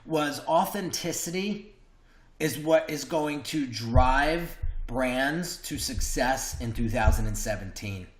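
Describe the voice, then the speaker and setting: A man's voice: mid-range voice, animated, takes it slowly. A man as a podcast guest telling an emotional personal story, earnest and passionate, often restarting his sentences over a call. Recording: roomy echo.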